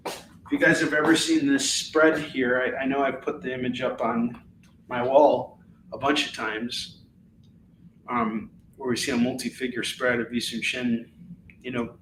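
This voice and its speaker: A man's voice: medium pitch, fairly even intonation, unhurried, a bit bright, slight background noise. A middle-aged man hosting a live comic book sales stream at home, joking and chatting off the cuff. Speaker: host and comic book seller. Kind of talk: live shopping stream chat. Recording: roomy echo, a little far from the mic.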